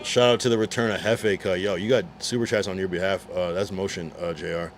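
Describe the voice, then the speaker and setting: Laid-back male streamer, deep voice, reads chat aloud, faint hiss behind. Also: steady tone, brisk. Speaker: livestreamer reading chat. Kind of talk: casual livestream chat.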